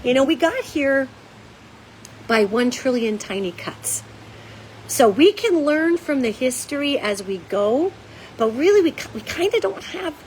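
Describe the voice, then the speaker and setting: A woman with a high voice, who is a psychic commentator and show host, speaks directly to camera in an urgent, emphatic monologue to her viewers. She is folksy and blunt and swears casually. The recording is rough, with a little hiss or hum.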